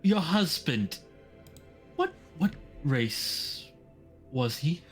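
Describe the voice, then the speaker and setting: Man, tabletop player, casual, laughing, halting. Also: fairly high pitch, sing-song, faint music behind. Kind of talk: casual play chat.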